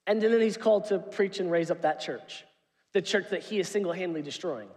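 A male pastor preaching a sermon in a church, telling stories in an animated, humorous way. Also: high voice, fairly quick. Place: church sanctuary. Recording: long reverb of a large hall.

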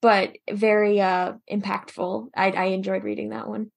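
A woman's voice: mid-range voice, flat delivery, normal speed, creaky. A woman co-hosting a casual podcast, chiming in with agreeable, thoughtful comments. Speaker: podcast co-host.

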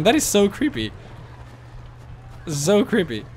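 A man commenting on a video game as he plays, excitable and swearing freely. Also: fairly high pitch, a little slow, soft background music. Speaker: let's play host. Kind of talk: gameplay commentary.

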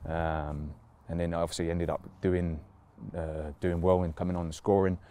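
A man's voice: deep voice, little pitch movement, normal speed, dark tone. A man, a footballer reminiscing in a casual interview, rambling with lots of fillers and laughs. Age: 30s.

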